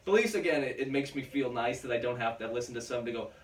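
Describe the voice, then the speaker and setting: Guy ranting about movies at home, swears a lot, sounds far off, boomy room. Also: racing, roomy sound, slight background noise. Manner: swears, does mocking quoted voices. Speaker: podcast co-host. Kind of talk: casual film discussion.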